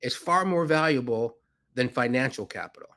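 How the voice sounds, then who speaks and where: A man, a podcast guest who is a financier, telling a story with animated delivery and acting out voices in it. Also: normal speed. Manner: acts out dialogue with rising pitch, laughs often.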